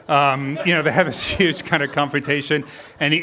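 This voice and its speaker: Wry, bright-voiced man telling a story. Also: fairly high pitch, fairly even intonation. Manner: wry, halting, chuckling through the story. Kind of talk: live storytelling. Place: live stage.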